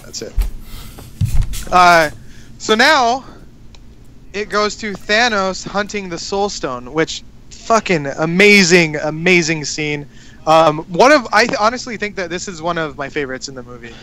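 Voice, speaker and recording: A man with a high, bright and crisp voice talks in a loose, casual way. He recaps a story in long rambling runs, full of swearing and fillers. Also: expressive, unhurried. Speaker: podcast co-host. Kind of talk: casual chat.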